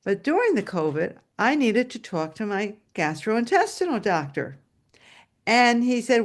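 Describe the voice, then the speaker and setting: A woman storyteller telling a personal tale aloud over a video call, animated and dramatic. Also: a little slow. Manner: animated and dramatic, shouting at high points. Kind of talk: live oral storytelling.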